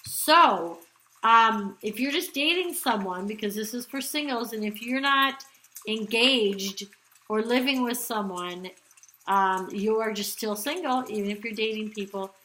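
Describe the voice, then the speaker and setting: Bright-voiced woman reading tarot, unhurried. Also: a little high. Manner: rambling, many ums and restarts. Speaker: tarot card reader. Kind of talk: casual spoken tarot reading. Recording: echoey room.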